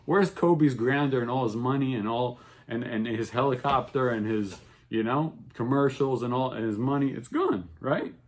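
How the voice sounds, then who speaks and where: A man teaching an informal religious class, telling stories with growing excitement and checking in with "okay?" and "right?" all the time. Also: medium pitch, normal speed, slight background noise. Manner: animated storytelling, voice rising with excitement. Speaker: Torah teacher.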